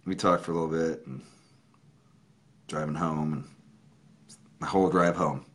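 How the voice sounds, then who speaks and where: A man's voice: rumbling low, steady tone, moderate pace. A man hosting his own livestream, telling an emotional story in a casual, profane way. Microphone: webcam or phone.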